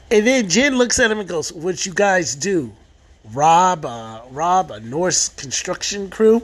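In a casual rundown of a show's episode, a reviewer with a high-pitched voice rambles along. He keeps backtracking to restart phrases while acting out the quoted lines.

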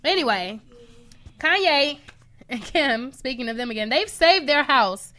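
Female co-host, playful and animated, bright higher voice. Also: unhurried. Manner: playful, laughs often, animated. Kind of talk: casual pop culture chat.

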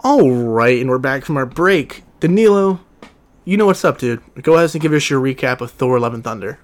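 A man's voice: medium pitch, animated, fairly quick. Laid-back man hosting a movie podcast. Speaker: podcast host.

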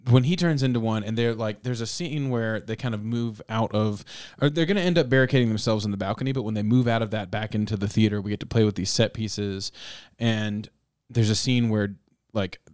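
A man's voice: lowish voice, brisk, darkish tone, clean tone, no echo, studio quality. A man hosting a casual movie-review chat who laughs often, swears freely and rambles.

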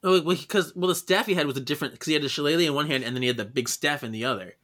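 A man hosting a podcast in casual chat, chatty and quick to laugh as he leads each segment. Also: a little high, a bit bright. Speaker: podcast host.

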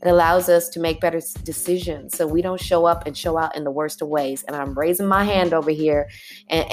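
Woman, podcast host, motivational talk, guided breathing, lively and colloquial, lowish voice, faint background music. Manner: warm, animated, colloquial with "y'all" asides.

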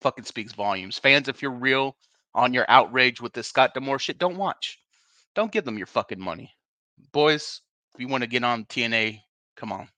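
A man's voice: mid-range voice, moderate pace, bright, forceful tone, dry recording. A man hosting a wrestling podcast, delivering a heated, profane and frustrated rant. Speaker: podcast host.

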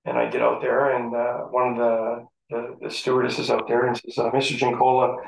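A middle-aged man, a former football player telling animated stories from his playing days in a casual interview. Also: mid-range voice, normal speed, gravelly. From St. Catharines, Ontario, Canada. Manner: animated storyteller who acts out the voices in his story. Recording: echoey room.

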